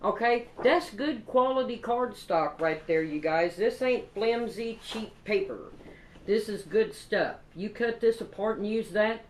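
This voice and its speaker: A woman's voice: mid-range voice, unhurried, echoey room, a little hiss or hum, poor audio. A woman from Kentucky with a Southern accent, chatting casually and folksily as she shows off her craft supplies. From Kentucky, USA. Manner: chatty, folksy, lots of "y'all" and "you know". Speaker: craft vlogger. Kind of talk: casual haul chat.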